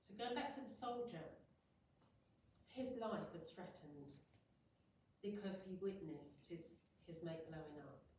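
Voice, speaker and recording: A woman's voice: on the low side, unhurried, darkish tone, a little hiss or hum. Brief: middle-aged woman, hypnotherapist at a meeting, chatty, acts out examples; heavy room echo, distant mic. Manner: chatty, acts out little scenes in quoted voices. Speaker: hypnotherapist giving a talk. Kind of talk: informal talk to an audience. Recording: very echoey room, voice far from mic.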